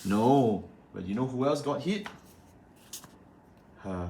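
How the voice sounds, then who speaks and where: In an echoey room with faint ambience and slight background noise, a card game content creator rants to camera about a new ban list, sarcastic and exasperated. His medium-pitched voice is expressive and a little mellow, at a measured pace.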